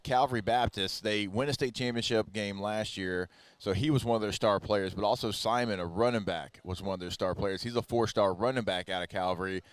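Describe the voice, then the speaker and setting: A man from Louisiana co-hosting a casual sports talk show, relaxed and conversational, full of "like" and "you know". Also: on the low side, clean tone, dry recording.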